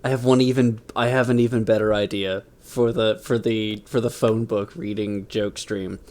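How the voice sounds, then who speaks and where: A man's voice: on the low side, flat delivery, moderate pace, darkish tone. A man hosting a live stream, chatting casually, laughing often and swearing freely. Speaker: streamer host.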